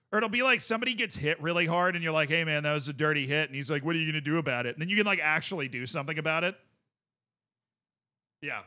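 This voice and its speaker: Bright, excitable male streamer. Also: fairly high pitch, smooth. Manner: enthusiastic and rambling, filler-heavy. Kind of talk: casual chat reacting to video clips.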